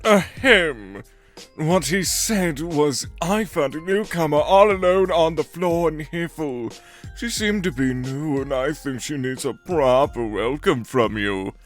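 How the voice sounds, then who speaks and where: A man's voice: a little high, lively intonation, takes it slowly, soft background music. A man voicing a vain, gossipy male alien villain in an audiobook drama. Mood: dramatic.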